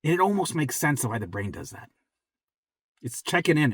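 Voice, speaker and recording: A man talking straight to viewers as a recovery coach, blunt and profane, repeating himself for emphasis and dropping to a soft low voice when reassuring. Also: sing-song, moderate pace, breathy edge, dry recording, clean studio sound. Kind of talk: direct motivational talk to viewers.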